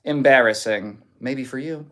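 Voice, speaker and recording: Reading out comments on his livestream, this man meets trolls with dry, teasing sarcasm in a casual chat. His voice is mid-range, pushed and bright, and his pace a little slow.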